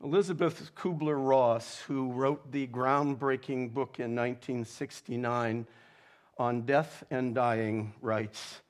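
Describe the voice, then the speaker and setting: A male pastor delivers a sermon at an unhurried, deliberate pace. His voice sits in an ordinary middle pitch, and he lingers over words and reads quotations with feeling. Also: fairly even intonation. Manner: slow, measured preaching with dramatic readings of quotes.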